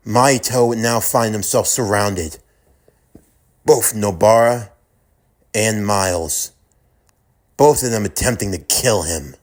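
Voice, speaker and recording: A man narrating a fan-made audio drama with steady storytelling. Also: lowish voice, slow, pauses often.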